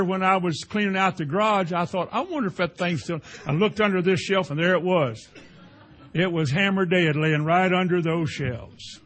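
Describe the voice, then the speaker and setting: Folksy, husky-voiced male preacher. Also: sits high, normal speed. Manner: folksy, animated storytelling with sound effects. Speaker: pastor. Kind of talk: conversational sermon.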